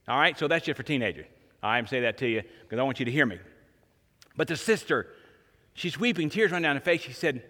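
Male pastor, sermon delivery, bright ringing tone, repeats lines for emphasis, long hall reverb. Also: on the high side, brisk. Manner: animated storytelling preacher, repeats phrases for emphasis.

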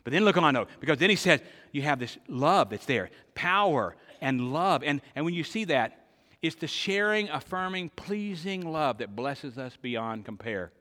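An older man preaching a sermon, asking the congregation questions and swinging between loud emphasis and soft, hushed lines. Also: fairly high pitch, animated, normal speed. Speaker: pastor. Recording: long hall reverb.

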